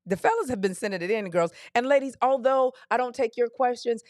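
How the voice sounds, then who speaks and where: A woman's voice: on the high side, a little fast, no room sound, clean studio sound. A woman hosting a live call-in advice podcast, talking in a sassy, direct coaching way and calling listeners honey and darling. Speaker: podcast host.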